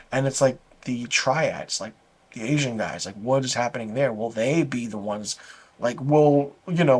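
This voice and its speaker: A man's voice: medium pitch, husky. A man reviewing a TV episode in a casual, rambling recap. He is enthusiastic, uses many fillers, and often says "like". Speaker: TV episode reviewer, channel host.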